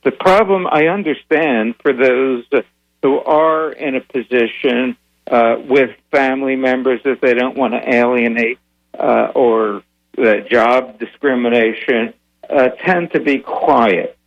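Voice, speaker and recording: Older man, radio guest, measured, many pauses, dry humor, muffled sound. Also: mid-range voice, steady tone, creaky. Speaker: guest, founder of a secular advocacy group. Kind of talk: radio interview answers.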